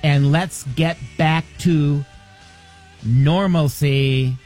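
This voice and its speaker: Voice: medium pitch, fairly even intonation, drawn-out words, darkish tone, faint music behind. A political commentator delivering a mocking, combative opinion monologue full of rhetorical questions.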